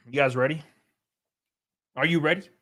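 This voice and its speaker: A man's voice: fairly high pitch, fairly even intonation, normal speed, a bit bright. A man chatting loosely on a live stream, swearing freely and thanking viewers by name. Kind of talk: casual live-stream chat.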